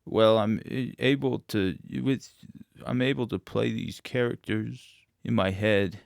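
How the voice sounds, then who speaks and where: A man from Indianapolis, a playwright being interviewed, who tells absurd stories in a deadpan, matter-of-fact way. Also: fairly low pitch, measured pace, gravelly, dry recording, studio quality. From Indianapolis, USA. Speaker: playwright guest.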